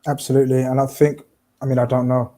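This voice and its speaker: A man's voice: medium pitch, little pitch movement, fast, mellow. A man hosting a football podcast, loose and jokey, stumbling over names and asking the panel's views. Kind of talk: casual football chat.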